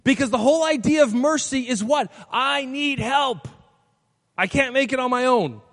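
A man preaches a sermon and acts out the characters in his stories with lively voices. His voice sits high. It rings through a large hall with a long echo. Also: normal speed. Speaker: pastor. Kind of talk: sermon with storytelling.

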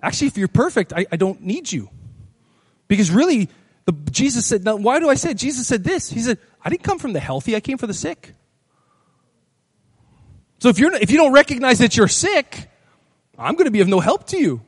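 A pastor preaching a sermon to a congregation, emphatic, repeating phrases and asking the crowd questions. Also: male voice, very high voice, very animated, fairly quick, slightly rough. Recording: long hall reverb.

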